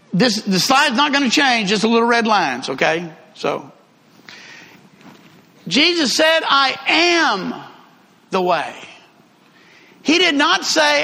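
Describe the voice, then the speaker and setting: A man preaching a sermon, telling a travel story with lively emphasis and repeated phrases. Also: very high-pitched, creaky. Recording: long hall reverb.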